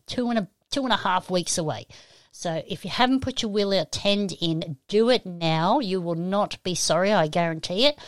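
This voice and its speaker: A woman's voice: mid-range voice, fairly bright tone, no echo. A woman with an Australian accent hosting a live-streamed podcast, cheery and bubbly as she greets listeners. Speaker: podcast host.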